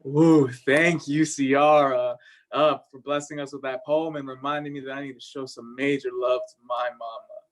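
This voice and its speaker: Guy hosting a poetry slam on a video call, friendly, upbeat, mid-pitched voice. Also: steady tone, normal speed. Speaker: host. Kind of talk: casual emcee chat.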